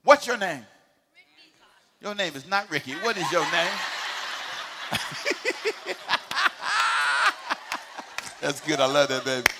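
Middle-aged male pastor with a high, very bright voice; emphatic call-and-response sermon. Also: expressive, takes it slowly, pauses often, in a large hall, slight background noise. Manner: emphatic call-and-response preaching, swings from quiet asides to shouting. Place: church sanctuary.

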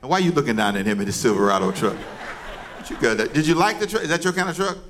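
A man's voice: on the high side, lively intonation, fast, a bit bright, a little hiss or hum. A man preaching as pastor, leading his congregation in call and response and teasing them playfully. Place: church service before a congregation.

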